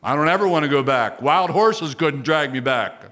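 A preacher with a slightly high male voice delivers a sermon. He drops into quiet, conversational asides and then rises into emphatic, raised declarations. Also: lively intonation, moderate pace. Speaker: pastor.

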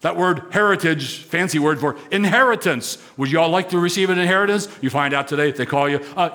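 A pastor delivers a sermon to his congregation. His fairly high voice swells on repeated phrases and lands with emphasis. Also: lively intonation, brisk, bright, forceful tone. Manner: emphatic preaching with rising, swelling repetition.

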